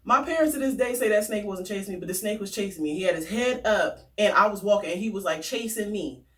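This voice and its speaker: A woman vlogger telling stories and ranting in a casual, animated way, swearing freely. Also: mid-range voice, quick pace, recorded from a distance. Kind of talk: casual storytelling rant.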